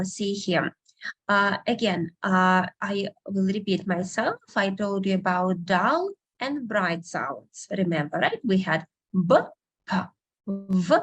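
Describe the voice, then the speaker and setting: A woman from Russia, patiently teaching a beginner language class online and repeating words slowly for her students. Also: mid-range voice, husky.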